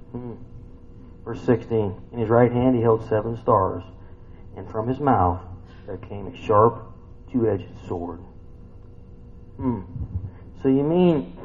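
A man teaching from the Bible in a casual, conversational sermon, reading verses aloud and musing with hums and rhetorical questions, swinging between loud bursts and hushed asides. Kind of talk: informal Bible study sermon. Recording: tinny phone-like recording with faint rumble.

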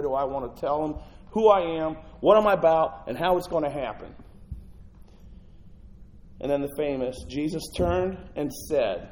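A male pastor delivers a sermon in a lively, conversational way. His voice sits a little high and swings between loud bursts and hushed asides. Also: a little hiss or hum, rough recording.

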